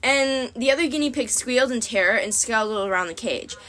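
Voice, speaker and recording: A woman's voice: fairly high pitch, a little fast, sharp tone. A woman narrating an audiobook expressively in the first person. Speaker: audiobook reader.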